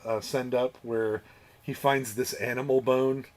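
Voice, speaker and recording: A man's voice: medium pitch, fairly even intonation, measured pace. A man hosting a podcast, swearing and laughing as he recaps a film in casual, rambling chat. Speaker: podcast host. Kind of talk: casual movie review chat.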